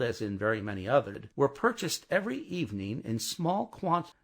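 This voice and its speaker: A man reading a classic novel aloud as an audiobook narrator, with expressive delivery. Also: medium pitch, gravelly.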